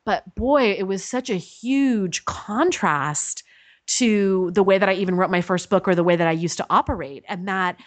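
A woman's voice: medium pitch, normal speed, no room sound. Reflective woman podcast host, dry sound. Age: young adult to middle-aged mother. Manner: reflective, thoughtful questioning. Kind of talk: casual conversational interview.

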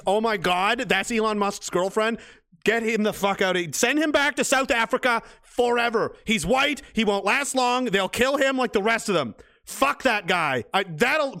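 A man with a high, bright, forceful voice rants through a livestream, reading viewer comments and swearing hard. His tone is blunt and angry throughout, and the sound is close and dry. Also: dry recording. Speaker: livestream host reading chat. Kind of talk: profane ranting commentary.

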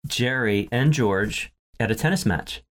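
Man, casual co-host, mid-pitched, rambling storyteller who laughs often. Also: lively intonation, measured pace, a bit bright. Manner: rambling, laughs often, many fillers and restarts. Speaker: podcast co-host. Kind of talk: casual chat recapping episodes.

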